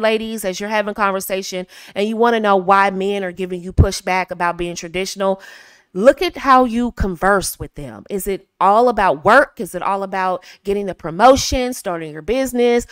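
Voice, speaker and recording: A woman's voice: medium pitch, clear, resonant tone, no room sound, studio quality. An American woman in her thirties, hosting and giving confident, casual dating advice to women, often laughing and acting out bits of dialogue.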